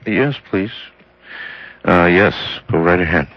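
This late-night call-in radio host has a low, expressive voice and speaks a little slowly. He muses aloud, stammering into restarts and dropping dry jokes, all through a dull, lo-fi broadcast sound.

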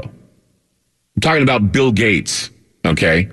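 A man's voice: mid-range voice, very animated, measured pace, a bit bright, slightly rough. A man hosting a talk radio show, delivering a combative, sarcastic monologue.

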